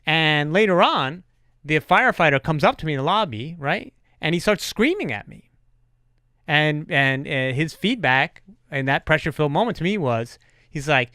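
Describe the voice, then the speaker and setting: A podcast host who tells stories with a lot of swearing and plenty of energy. His voice is fairly high for a man and jumps around as he gets worked up. The sound is dry and close to the mic. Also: normal speed, dry recording. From New York. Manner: animated storyteller, swears freely. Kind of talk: casual podcast chat.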